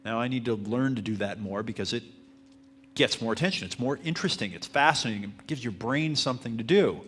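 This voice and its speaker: A man teaching marketing at a live seminar, answering audience questions in a fairly even, self-described monotone manner. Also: mid-range voice, fairly quick, slight background noise. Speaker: marketing instructor.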